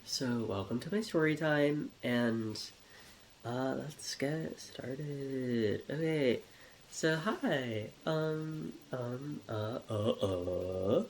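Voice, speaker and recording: A man's voice: mid-range voice, lively intonation, drawn-out words, a little hiss or hum. A man telling a rambling, comedic story in a scatterbrained way, with giggles and many restarts.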